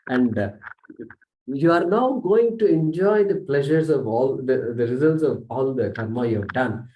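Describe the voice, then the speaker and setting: A man's voice: mid-range voice, expressive, moderate pace, highs cut off, a little hiss or hum. A man teaching a scripture class, explaining step by step, reciting verses and often saying "okay". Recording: echoey room, mic distant.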